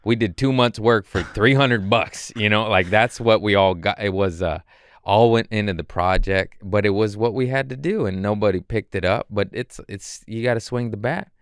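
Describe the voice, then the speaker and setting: A man's voice: on the low side, normal speed, clear, resonant tone, no room sound, clean studio sound. A man, a guest comedian, telling loose and profane stories in casual podcast chat.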